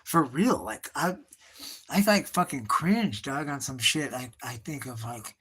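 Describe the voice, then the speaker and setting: In a husky, somewhat bright mid-range voice, a little slow but expressive, a middle-aged artist streams his drawing session. He tells wandering, nostalgic stories full of profanity and slang, calls his listener bro and dog, and keeps losing the thread and picking it back up.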